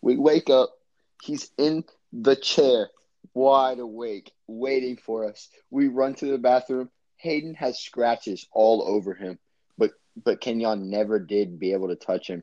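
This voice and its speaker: A man's voice: on the low side, dark tone, dry recording, lo-fi sound. A young man earnestly telling a scary story in a casual chat, insisting it is true.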